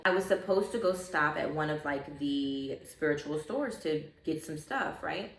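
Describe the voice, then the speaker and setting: Chatty woman vlogging about her spiritual stuff, kinda low voice, echoey room. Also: measured pace, creaky, recorded from a distance, slight background noise. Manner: chatty, expressive, calls listener baby. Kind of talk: casual storytelling to camera.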